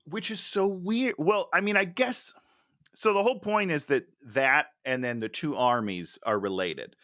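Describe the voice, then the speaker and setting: A man's voice: on the high side, a little slow, sharp tone, no echo, studio quality. A man co-hosting a casual movie-critique podcast, sounding exasperated and laughing often as he rants. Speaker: podcast co-host.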